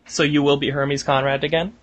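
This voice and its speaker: A man's voice: a little high, little pitch movement, a little fast. A man hosting a podcast, reading out questions and reacting with short chuckles. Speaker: podcast host. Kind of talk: casual interview chat. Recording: muffled podcast audio.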